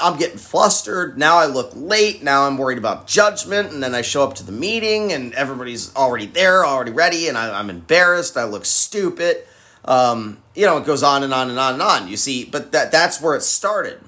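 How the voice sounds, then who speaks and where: A man's voice: mid-range voice, sharp tone. A man hosting a live stream, answering viewer questions in a candid, conversational way and telling personal stories. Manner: candid and conversational, swears casually. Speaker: host. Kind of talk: live-stream advice talk.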